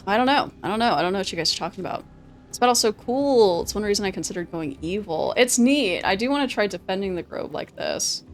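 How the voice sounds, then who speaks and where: A woman streaming a game, talking casually, excitable, swearing freely and laughing often. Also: medium pitch, fast talker, soft background music. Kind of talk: casual gameplay commentary.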